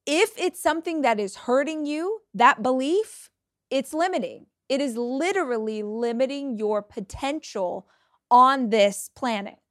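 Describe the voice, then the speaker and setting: A woman in her forties hosts a motivational podcast, blunt and energetic, swearing occasionally and talking a little slowly. Her voice sits slightly high, and the close mic yields a dry sound without room echo.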